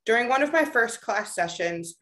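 A young adult chaplain resident giving a measured, sincere prepared tribute speech. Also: medium pitch, lively intonation, sharp tone.

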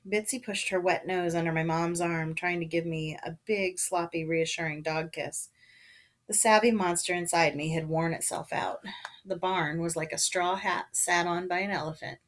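Woman, reading a novel aloud, expressive narration, lowish voice. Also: moderate pace. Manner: casual chat before reading, then expressive narration with voiced characters. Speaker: reader of a children's novel. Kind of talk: reading a book aloud to listeners.

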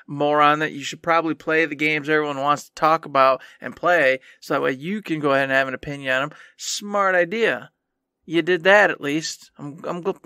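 A man's voice: a little high, bright, forceful tone, dry recording, studio quality. A man co-hosting a gaming podcast, scolding his past self in a mock-angry casual rant. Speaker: podcast co-host.

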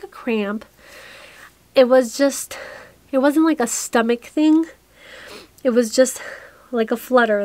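A woman's voice: a little high, no room sound. A young woman vlogging in a chatty, rambling way, a little out of breath, talking to her camera in a cluttered room. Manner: rambling, breathless, restarts often. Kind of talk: chatty get-ready-with-me vlog. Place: small cluttered room indoors.

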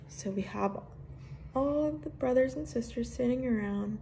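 Woman storyteller for kids; gravelly, light background noise. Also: fairly high pitch, normal speed, warm tone. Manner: asks the listeners questions. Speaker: storyteller reading to children. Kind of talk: reading a children's book aloud.

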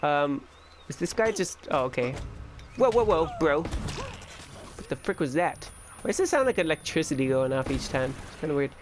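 A man giving casual let's-play commentary as a gaming channel host, excitable and chatty, talking back to the game as he plays. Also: a little high, normal speed.

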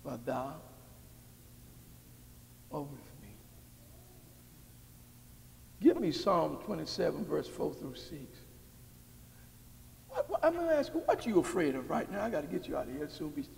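A man preaching a sermon as pastor, calling out questions to the congregation and building to shouts. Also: a little high, creaky. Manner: call-and-response preaching, rising to shouts. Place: church sanctuary. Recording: long hall reverb.

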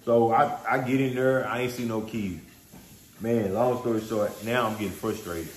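A man's voice: fairly low pitch, moderate pace. Man, vlog host, casual slangy storytelling, echoey room, faint noise. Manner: animated, conversational, slangy.

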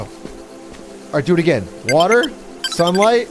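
A man streaming a puzzle game live, giving excitable, sarcastic commentary with frequent swearing and laughter. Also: on the high side, measured pace. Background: game music.

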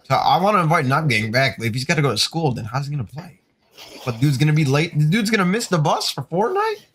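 Laid-back dude streamer dad, lively pitch. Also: male voice, fast, a little hiss or hum. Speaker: streamer and father gaming with his young son. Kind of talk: casual gameplay chatter. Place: home gaming setup.

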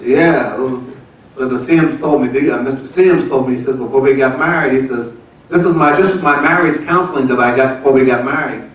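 A man's voice: medium pitch, brisk, muffled recording. A man in his seventies, a pastor telling a folksy, laughing story about his marriage during a church service. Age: 70s. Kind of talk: church testimony and announcements. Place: church sanctuary. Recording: echoey church room from far off.

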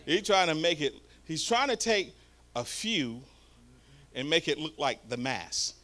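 Preacher guy, high bright voice, telling stories super animated. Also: a little slow. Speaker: pastor. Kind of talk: sermon.

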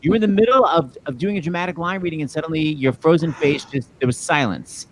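Brief: male host, slightly high voice, playful and teasing, video call. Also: fast talker, a bit bright, slight background noise, low-quality recording. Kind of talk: casual chat over video call.

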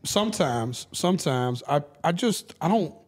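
A middle-aged musician guests on a casual podcast, his fairly high voice expressive and unhurried. He's an open, candid storyteller who swears freely.

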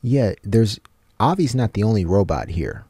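A man's voice: on the low side, very animated, moderate pace, warm tone, slightly rough, no echo, studio quality. A young man co-hosting a reaction video, explaining what he hears with enthusiasm. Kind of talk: casual reaction chat.

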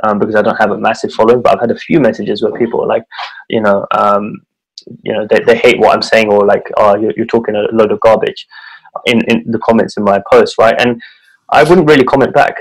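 A man's voice: fairly low pitch, fairly even intonation, quick pace, husky, low-quality recording. A man hosting a podcast interview, talking in an earnest, casual way and often repeating his words as he builds a point. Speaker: podcast host.

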